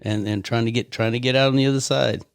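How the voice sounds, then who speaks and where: Older man, podcast guest, gravelly, dry studio sound, animated storyteller. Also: medium pitch, fast, dry recording. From United States. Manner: animated anecdotal storyteller, repeats words, laughs often. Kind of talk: casual storytelling chat.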